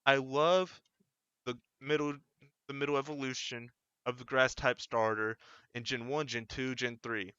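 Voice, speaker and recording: Rambling man with a bright, smooth voice. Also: mid-range voice, measured pace, no room sound, muffled recording. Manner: rambling, self-correcting, relaxed. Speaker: channel host. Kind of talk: casual solo vlog chat. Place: home room with a fan running.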